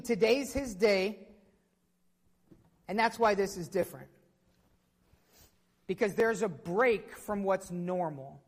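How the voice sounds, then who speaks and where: A woman's voice: medium pitch, long reverb tail. A woman preaching a sermon to her congregation, telling the story with energy and putting questions to the listeners.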